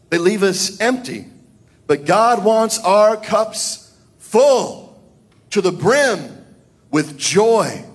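A pastor with a husky voice and fairly bright tone builds his sermon points with wide rises and falls. His preaching swings dramatically in both pitch and volume.

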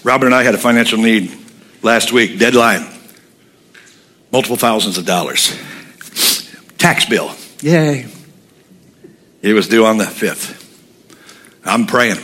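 A man's voice: lowish voice, lively intonation, measured pace, long pauses, pushed and bright. A man preaching a sermon, telling humorous stories and speaking bluntly and with animation. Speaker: pastor.

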